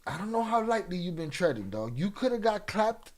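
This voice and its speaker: Bantering loosely and profanely with his live audience, this male streamer keeps the talk casual and teasing. He speaks briskly in a high voice with big swings in pitch and a slightly mellow quality.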